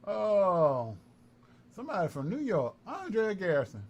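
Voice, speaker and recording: A man's voice: high-pitched, unhurried, lo-fi sound. A man from North Carolina, taunting and repeating himself in a heated livestream callout. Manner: taunting, repetitive, animated. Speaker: live-stream commentator. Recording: faint background noise.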